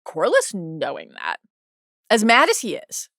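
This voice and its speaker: Lively bright-voiced woman podcast co-host. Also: medium pitch, no echo, studio quality. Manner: animated, quick asides and restarts. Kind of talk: casual TV recap chat.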